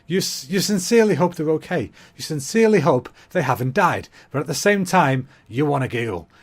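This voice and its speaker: A young man, hosting a comedy podcast in a rambling, self-mocking monologue, talking quickly. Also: on the high side, big pitch swings.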